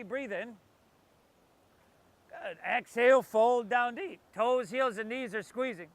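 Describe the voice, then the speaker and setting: Man, yoga instructor, high bright voice, jokey and loose between breath cues, class by the ocean. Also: slow pace, long pauses, no echo. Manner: playful, joking asides between breath cues. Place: outdoors by the ocean.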